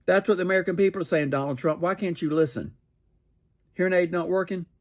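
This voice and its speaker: A man's voice: sits high, steady tone, quick pace. A man commenting on political news in a sarcastic, mocking tone, firing rhetorical questions. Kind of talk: opinionated news reaction.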